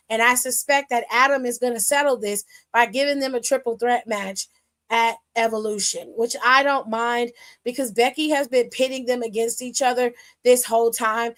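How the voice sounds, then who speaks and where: A woman's voice: on the high side, a bit bright. A woman hosting a wrestling aftershow, talking casually, bluntly and with plenty of swearing. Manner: blunt, profane, opinionated. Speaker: wrestling show host.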